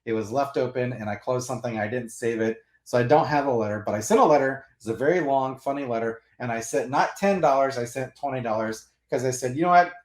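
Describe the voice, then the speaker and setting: Animated rambling man, roomy echo. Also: mid-range voice, fairly quick, hardly any pauses. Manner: animated and rambling, with restarts and laughs. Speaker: comics channel host. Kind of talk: casual storytelling.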